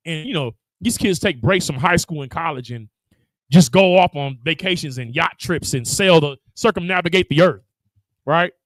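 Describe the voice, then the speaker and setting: Casual: high-pitched guy preaching, super lively, jumps all over, dry sound. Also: dry recording, rough recording. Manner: animated, laughing, acting out voices. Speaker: religious teacher.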